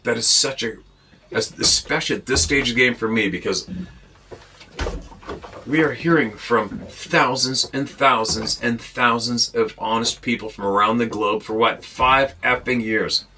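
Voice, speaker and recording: A man's voice: mid-range voice, unhurried, sharp tone, slight background noise. A man hosting his show, ranting bluntly and with plenty of swearing, talking from a boat. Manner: blunt, profane and exasperated. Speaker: host. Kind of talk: ranting monologue to camera.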